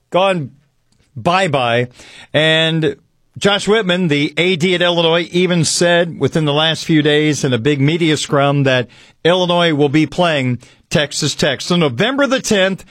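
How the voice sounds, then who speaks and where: A man hosting a sports talk radio show with a slightly raised pitch. He talks in a folksy, conversational way and leans on words for emphasis. The studio mic sound is close and dry. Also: a bit bright, no room sound. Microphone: studio microphone.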